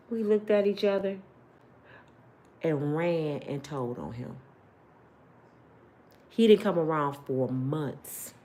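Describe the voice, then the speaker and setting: A middle-aged woman telling her own story to viewers in a casual, blunt and slangy way. Her voice sits fairly low for a woman. She keeps the delivery animated and talks straight to her audience. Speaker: host telling a personal story.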